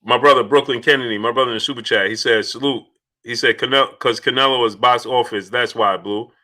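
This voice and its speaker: A man's voice: medium pitch, fairly even intonation, quick pace, sharp tone. A man hosting a casual boxing livestream, reading out super chats and making his points emphatically, often restarting his phrases.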